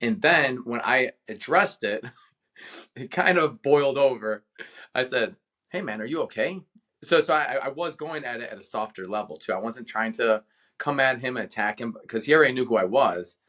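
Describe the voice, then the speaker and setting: Man, from Cleveland, retired veteran guest, mid-pitched voice, passionate storytelling. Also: animated, moderate pace, pushed and bright. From Cleveland, Ohio, USA. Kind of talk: casual interview storytelling.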